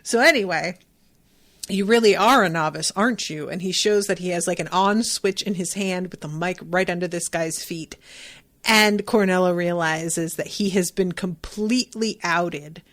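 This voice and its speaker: A woman hosting a podcast, recapping an episode in a chatty, animated way and swearing playfully. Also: lowish voice, moderate pace. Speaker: podcast host.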